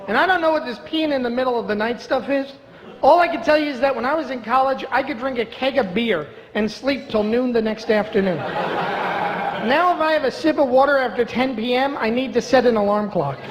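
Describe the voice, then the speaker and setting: A man's voice: extremely high pitch, a little fast, dull audio, crowd noise. A man from Brooklyn doing a stand-up comedy set, talking in a chatty, sarcastic way and teasing the audience. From Brooklyn, USA. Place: comedy club stage. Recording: reverberant live club with audience noise.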